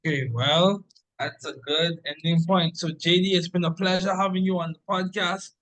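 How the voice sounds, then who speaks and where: A man's voice: high-pitched, steady tone, normal speed, fairly bright tone, rough recording. A man hosting a podcast interview, giving brief affirmations and a polite sign-off. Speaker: podcast host.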